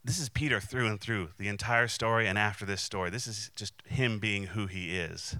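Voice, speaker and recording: A man's voice: fairly low pitch, moderate pace, pushed and bright, no room sound. A man preaching a casual, conversational sermon, with many restarts and fillers and quoted voices acted out. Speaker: pastor.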